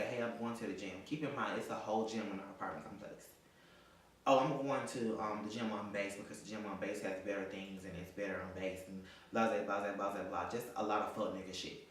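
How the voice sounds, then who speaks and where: A man's voice: on the low side, fairly bright tone. A young man telling a storytime vlog about a cheating boyfriend, profane and dramatic, sometimes talking at his ex as if he were there. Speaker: vlogger. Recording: echoey room, distant mic, faint noise.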